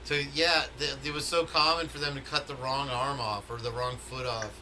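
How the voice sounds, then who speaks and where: A man hosting a casual podcast in a mid-pitched voice, rambling and circling back over his words while he thinks. There is a clear hiss of noise under his audio. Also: level tone, moderate pace. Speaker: podcast host.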